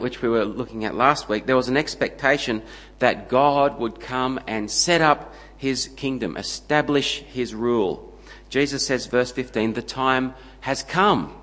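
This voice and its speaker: A man preaching a sermon, emphatic and steady, building his points into punchy lists. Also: mid-range voice, long reverb tail, low-quality recording.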